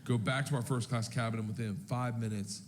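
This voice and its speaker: A man doing stand-up storytelling, animated and loud, shouting his punchlines, on a noisy live recording. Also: mid-range voice, fairly quick. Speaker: stand-up comedian.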